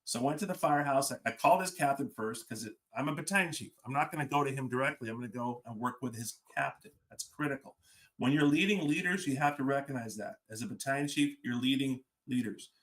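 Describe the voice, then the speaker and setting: A man's voice: medium pitch, fast talker, a bit bright. A middle-aged man, a fire service leader, telling a story on a podcast and acting out the dialogue as he goes.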